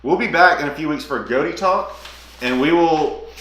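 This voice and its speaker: A man's voice: fairly high pitch, moderate pace, echoey room. A man co-hosting a gaming show, recapping a story in casual chat and acting out character lines as he goes. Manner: animated, acts out character lines as he retells scenes. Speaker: co-host of a gaming channel. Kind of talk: casual spoiler chat about a game.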